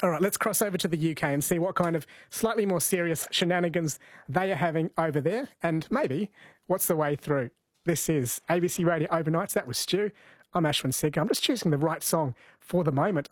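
A man hosting an overnight radio show, relaxed and playful with his co-host. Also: on the high side, brisk, no room sound, studio quality.

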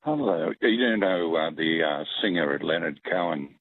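A man's voice: sits low, expressive, measured pace, dry recording, phone-quality sound. A man calling in to a radio quiz, hesitant and self-deprecating, chuckling as he talks. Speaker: radio caller.

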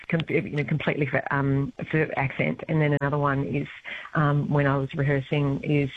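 Enthusiastic actress on a tinny phone line. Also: female voice, sits low. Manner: enthusiastic, chatty, warm about her work. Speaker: stage actress being interviewed. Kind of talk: casual phone interview.

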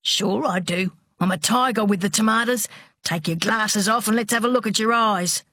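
A woman's voice: medium pitch, moderate pace, bright, forceful tone. A woman doing a cocky, brash young lout. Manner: brash, offhand slangy banter. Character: young working-class man, cocky, rude and shy.

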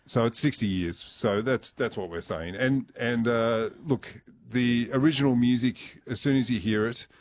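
A man's voice: medium pitch, moderate pace, few pauses. A man, a radio producer, explaining things in a hesitant, rambling way with many fillers. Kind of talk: casual radio chat.

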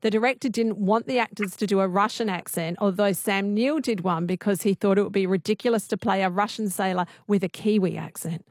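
A woman hosting a radio talk show in a studio, reading out listener messages briskly and in a friendly way. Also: medium pitch, dry recording. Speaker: radio host.

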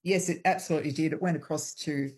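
A woman guest in a hotel room, speaking over an internet call, explaining in a measured way with frequent ums. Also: sits low, steady tone, a little mellow, slightly rough. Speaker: historian guest.

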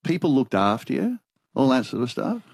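An older Australian man, an interviewee, telling lively anecdotes and acting out the dialogue in them. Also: medium pitch, moderate pace, gravelly, breathy edge, no room sound. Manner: animated anecdotal storyteller, acts out dialogue. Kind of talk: storytelling conversation.

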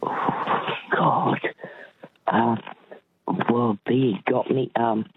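A woman's voice: very deep voice, fairly even intonation, drawn-out words, slightly rough, no room sound. A woman calling in to a radio quiz, chatty and easygoing. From South Australia. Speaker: caller. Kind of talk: casual radio call-in chat. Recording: thin telephone line.

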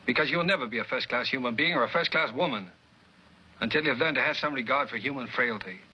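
An actor with a Mid-Atlantic accent playing a stern man who lectures a proud woman, in measured, cutting 1940s film style. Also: medium pitch, pushed and bright, slightly rough. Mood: scornful. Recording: dull old film soundtrack.

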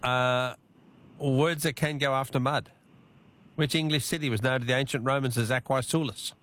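A man with an Australian accent hosting a talkback radio quiz, chatty and quick to laugh. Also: mid-range voice, fairly even intonation, fairly bright tone, slight background noise.

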